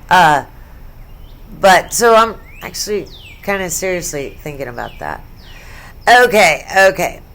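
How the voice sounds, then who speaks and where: Middle-aged woman, lower-pitched, casual and profane vlogger, chatty sports talk with side asides. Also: fairly bright tone. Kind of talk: casual storytelling vlog.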